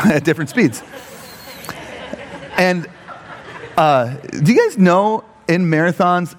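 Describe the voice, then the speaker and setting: A man preaching a sermon with comic stories, animated and given to high mock voices when quoting people. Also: in a large hall. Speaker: pastor.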